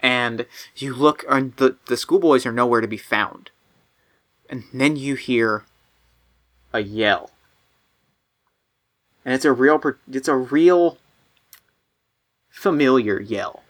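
A man's voice: mid-range voice, slow pace, long pauses. A man running a tabletop role-playing game, narrating scenes casually with lots of fillers and restarts. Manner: casual, filler-heavy, playful. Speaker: game master.

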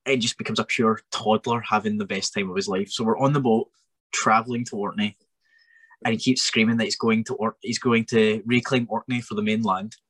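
A young Scottish man, a wrestler guest on a podcast, telling an animated story in an exasperated, ranting way with many restarts. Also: lowish voice, brisk, no echo.

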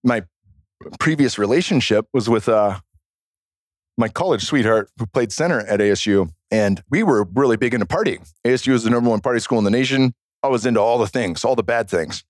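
A man guest on a podcast, telling stories in a casual, animated, profane way. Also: medium pitch, a little fast, dry recording, studio quality. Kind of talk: casual storytelling chat.

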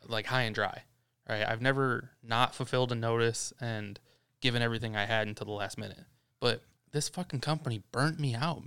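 A man's voice: mid-range voice, bright, forceful tone, clear, resonant tone, no echo, studio quality. A young adult man co-hosting a casual podcast, venting heatedly and swearing often about work. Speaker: podcast co-host.

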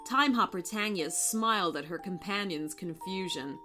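A woman narrating a children's story in an expressive, unhurried way. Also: lowish voice, soft background music.

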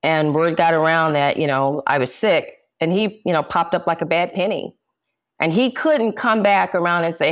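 A woman's voice: low-pitched, moderate pace. A woman, a jazz singer, speaking as an interview guest and candidly recounting personal events with emphatic, impassioned delivery.

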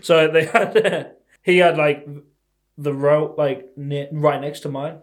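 A man's voice: a little high, fairly even intonation, slow pace. A man from North East England chatting casually, backing the other speaker up with plenty of fillers. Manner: chatty, many fillers and affirmations. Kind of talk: casual storytelling chat.

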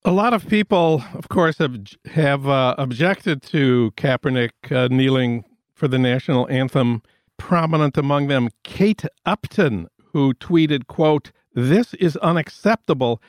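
A man's voice: mid-range voice, unhurried, no echo. A man hosting an interview, asking questions in a dry, ironic way. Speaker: host.

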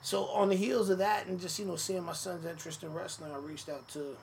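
A man telling stories in a relaxed sit-down interview, with many fillers, acting out the quotes of others. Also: high voice, a little fast, gravelly. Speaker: podcast guest, former wrestler. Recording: noisy room ambience.

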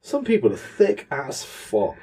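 A man's voice: mid-range voice, huge pitch swings, unhurried, gravelly, mellow, breathy edge. A young man co-hosting a casual podcast chat, dry and sarcastic, swearing now and then. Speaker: podcast co-host.

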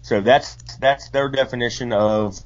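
A man's voice: medium pitch, a little slow. A man co-hosting a podcast in casual banter, laid-back and laughing easily. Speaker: podcast co-host. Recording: dull lo-fi podcast audio.

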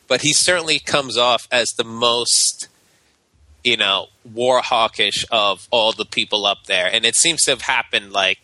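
A man guesting on a casual political podcast, relaxed and opinionated over a Scotch. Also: medium pitch, no room sound, low-quality recording.

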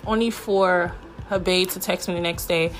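A woman's voice: lowish voice, fairly even intonation, moderate pace, faint music behind. Chatty woman telling a story. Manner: candid and chatty, swears freely, many fillers. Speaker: podcast host. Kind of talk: casual storytelling monologue.

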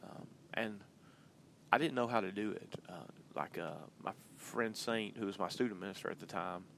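A man's voice: on the low side, moderate pace, gravelly, fairly bright tone, a little hiss or hum. A man hosting a podcast, chatting loosely in a rambling way, full of ums and uhs, while driving his car. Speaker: podcast host. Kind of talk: casual rambling monologue.

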